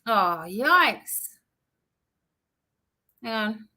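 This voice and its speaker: Slow-talking bright Australian woman. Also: fairly high pitch, sing-song, rough recording. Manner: chatty, reads out viewer names and places, drawn-out fillers. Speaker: psychic reader hosting a live stream. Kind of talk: casual live-stream chat greeting viewers.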